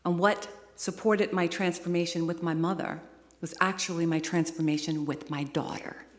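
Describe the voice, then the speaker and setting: A woman's voice: on the low side, moderate pace. Woman preaching in an echoing hall. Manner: emotional storytelling, rising to excited peaks. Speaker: guest speaker. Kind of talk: sermon. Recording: long hall reverb.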